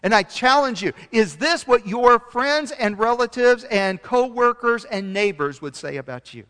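A man preaching a sermon, reading scripture aloud and swinging between loud emphasis and quiet passages, sometimes losing his place and correcting himself. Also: extremely high pitch, expressive, measured pace, clear, resonant tone, big-room sound. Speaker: pastor.

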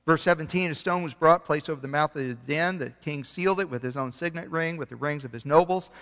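A man preaching a sermon, reading scripture aloud and swinging between loud emphasis and quiet passages, sometimes losing his place and correcting himself. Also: a little high, a little fast, big-room sound. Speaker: pastor.

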